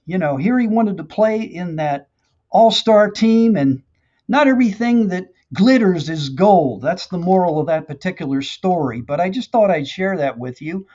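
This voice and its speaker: A man's voice: high voice, a little mellow. Folksy man telling a rambling story. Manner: folksy, rambling, many "you know" fillers. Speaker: live stream host. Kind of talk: casual storytelling and motivational chat. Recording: dull lo-fi stream audio.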